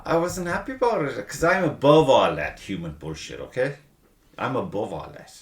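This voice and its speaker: Animated, swearing man in a roomy space. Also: medium pitch, normal speed. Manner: profane, self-mocking, animated. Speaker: podcast host. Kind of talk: casual chat. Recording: roomy echo.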